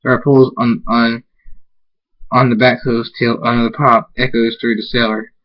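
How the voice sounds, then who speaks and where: A man reading fan fiction aloud, halting and restarting words as he goes. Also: mid-range voice, little pitch movement, highs cut off. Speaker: amateur reader.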